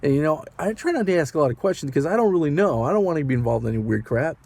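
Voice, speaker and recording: Mellow-voiced man telling a tense story. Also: a little high, expressive, racing, vocal fry. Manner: rambling, anxious, asks the viewer rhetorical questions. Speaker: rideshare driver. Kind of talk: casual storytelling vlog.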